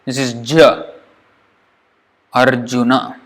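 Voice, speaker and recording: Teacher, male, mid-pitched, informal lesson pace, repeats syllables patiently. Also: level tone, fairly bright tone. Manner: repeats sounds slowly, thinks aloud, chuckles. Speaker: Sanskrit pronunciation teacher. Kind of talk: informal lesson drilling sounds.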